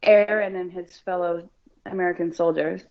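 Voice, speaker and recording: A woman's voice: on the low side, steady tone, normal speed. A woman in a casual podcast chat who asks thoughtful questions. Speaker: podcast co-host. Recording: dull audio with faint noise.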